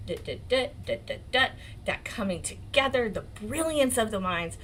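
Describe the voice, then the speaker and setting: A woman in her forties with an American accent, hosting a legal commentary livestream in an excitable, emotional way, swearing and laughing often. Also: a little high, unhurried, slight background noise, poor audio. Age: 40s. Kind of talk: casual live-stream commentary.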